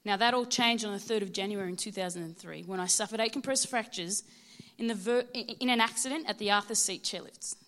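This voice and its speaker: An Australian woman in her thirties speaks in a mid-range voice, delivering a prepared testimony to a church gathering. Her delivery is heartfelt and measured, with steady pauses between phrases. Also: mid-range voice. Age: 30s. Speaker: mother giving a church testimony. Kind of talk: prepared personal testimony speech.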